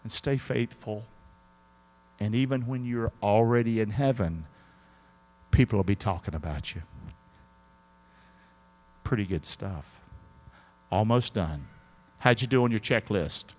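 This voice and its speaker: A man preaching as pastor, pleading and repeating himself, moving between hushed prayer and loud exhortation in a large church hall. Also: on the low side, unhurried, pauses often. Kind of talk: sermon and altar call.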